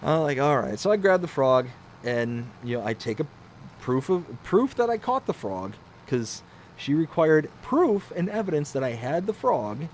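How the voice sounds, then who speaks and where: A man's voice: on the high side, normal speed, slight background noise. A man hosting a gaming livestream, casually telling a story and acting out the voices in it. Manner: animated, acts out the voices in his story. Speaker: livestream host.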